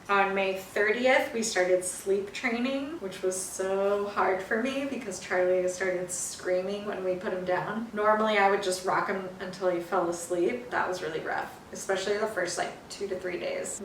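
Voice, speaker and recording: A young woman from California chatting about her life in a casual video diary, telling her story with animated energy. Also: medium pitch. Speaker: vlogger. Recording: roomy, from a distance, faint hiss.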